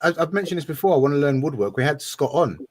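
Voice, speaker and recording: A man's voice: on the high side, lively intonation, quick pace, no echo. A man, a guest on a casual live-stream chat, talking in an earnest, rambling way.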